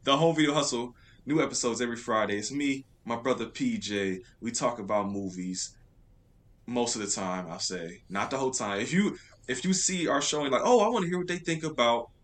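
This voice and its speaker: A man guesting on a casual movie podcast, relaxed and swearing freely. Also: mid-range voice, normal speed.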